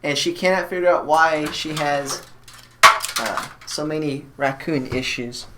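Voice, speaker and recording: A man's voice: a little high, unhurried, very noisy. Blunt rambling man live-streaming. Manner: blunt, rambling, frequent restarts and fillers. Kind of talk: casual live-stream chat while building a computer.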